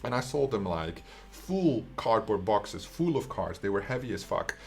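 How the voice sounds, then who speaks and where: A Dutch man in his twenties tells a story in a slightly low voice. His delivery is casual and laced with swearing. He keeps checking in with the listener, tagging lines with a quick "right?". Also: big pitch swings, creaky. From Netherlands. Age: 20s. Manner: casual and profane, often tags lines with "right?". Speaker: online coach.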